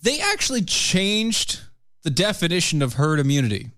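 A man's voice: on the high side, very animated, normal speed, a bit bright. A man co-hosting a casual political podcast, teasing and repeating lines for comic effect. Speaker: podcast co-host.

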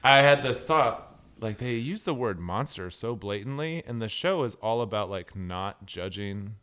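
A man co-hosting a podcast, chatting casually in a wry, rambling, low-key way. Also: expressive, unhurried, a bit bright, clean tone. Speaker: podcast co-host. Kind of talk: casual chat.

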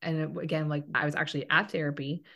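Brief: young woman host, low voice, earnest and emotional, filler-heavy chat. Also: steady tone, fast, bright, forceful tone, highs cut off. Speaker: podcast host. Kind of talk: heartfelt conversational interview.

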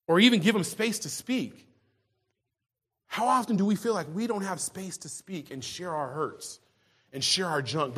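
A man's voice: fairly high pitch, a bit bright, breathy edge. A man preaching a sermon in a conversational way, often restarting and repeating words as he goes. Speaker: pastor.

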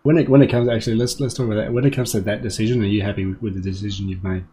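A man co-hosting a podcast who chats about games, repeating phrases and asking quick follow-up questions. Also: on the low side, steady tone, mellow. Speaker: podcast co-host. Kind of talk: casual gaming chat.

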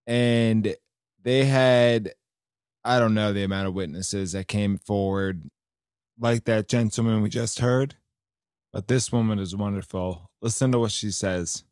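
A man's voice: fairly low pitch, a little slow, darkish tone, clean tone, no room sound, studio quality. A man hosting a podcast, talking casually and indignantly about politics with many fillers. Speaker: podcast host.

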